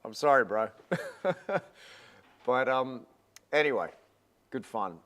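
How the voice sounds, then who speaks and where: A man's voice: mid-range voice, expressive, slow pace, fairly bright tone. Give me a young man talking casually through a painting demo, rambling and self-deprecating. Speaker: painting instructor. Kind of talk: live painting demonstration.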